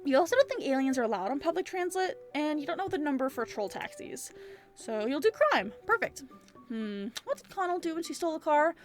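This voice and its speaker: A woman narrates a visual novel aloud for her gaming channel, playful and animated, with casual swearing. Her voice sits high and rises and dips a great deal. Faint game music runs under her. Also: fairly quick.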